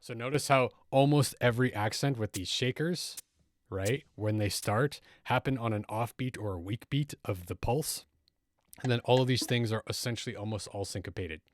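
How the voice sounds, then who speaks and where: A man's voice: medium pitch, normal speed, a little hiss or hum. A man teaching music production in a tutorial, explaining step by step and often checking in with the listener. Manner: patient, explains step by step and keeps checking in with "right?".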